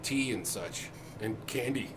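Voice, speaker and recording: A man's voice: medium pitch, lively intonation, measured pace, noisy background. A man co-hosting a casual music shop Q&A, loose and joking, swearing casually. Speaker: co-host of a music shop Q&A show. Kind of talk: casual chat.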